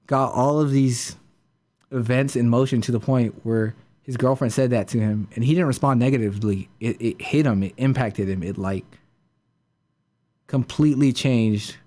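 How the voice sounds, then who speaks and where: A man's voice: mid-range voice, warm tone. A man hosting a podcast, retelling a story in a casual, rambling way full of fillers and restarts. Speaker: podcast host.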